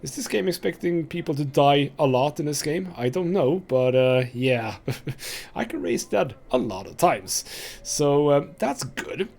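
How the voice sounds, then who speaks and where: A young man talks over his gameplay in a loose, rambling way, stopping to think aloud often. His voice is gravelly and a bit husky, and his pitch moves up and down a lot. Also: animated, a little slow, a little mellow. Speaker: let's play host. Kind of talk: casual gameplay commentary.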